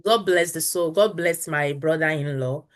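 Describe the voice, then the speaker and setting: A woman's voice: sits low, moderate pace. A woman in her thirties from Nigeria with a Nigerian accent, a guest telling a personal story candidly and earnestly, with Pidgin phrases mixed in. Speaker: interview guest.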